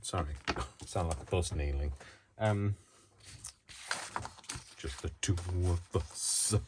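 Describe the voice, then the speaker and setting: Low-voiced man rambling while crafting. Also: a little slow, pauses often. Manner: rambling, self-mocking, talks to himself while working. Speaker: craft vlogger. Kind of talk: casual chat while crafting. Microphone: built-in camera mic, mic not working. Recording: noisy home recording.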